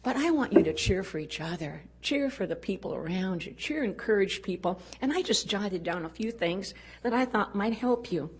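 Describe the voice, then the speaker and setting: An older woman speaking at a women's conference, telling a personal story in an earnest way and dropping to a hush at tender moments. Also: medium pitch, lively intonation, moderate pace, few pauses, husky. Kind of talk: storytelling talk.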